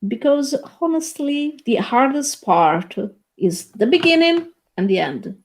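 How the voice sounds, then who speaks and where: A woman co-hosting a podcast, giving measured, reflective opinions in a casual film chat. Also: high voice, big pitch swings. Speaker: podcast co-host.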